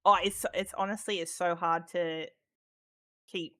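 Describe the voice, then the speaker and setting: A woman's voice: fairly low pitch, steady tone, measured pace, pushed and bright. An Australian woman chatting casually as a podcast guest, talking freely with lots of ums, swearing and laughter. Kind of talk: casual chat.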